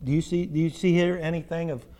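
A man delivers a sermon as pastor in a notably high voice. He hammers his points with rhetorical questions like "don't we?" and alternates loud, stressed words with drawn-out, quiet phrase endings. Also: steady tone. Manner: emphatic preaching with rhetorical questions.

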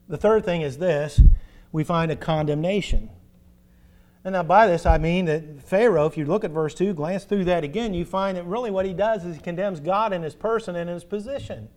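A man delivers a sermon as pastor in a notably high voice. He hammers his points with rhetorical questions like "don't we?" and alternates loud, stressed words with drawn-out, quiet phrase endings. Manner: emphatic preaching with rhetorical questions.

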